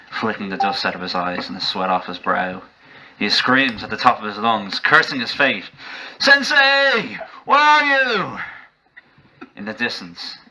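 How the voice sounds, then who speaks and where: A man narrating a comedic story in a mock-epic deadpan style, laughing through some lines. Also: low-pitched, slight background noise, low-quality recording.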